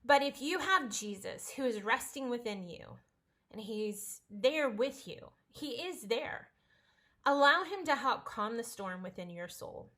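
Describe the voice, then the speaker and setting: A woman's voice: on the high side, animated, measured pace, fairly bright tone. A woman teaching a casual home-school science lesson, chatty, playful and encouraging.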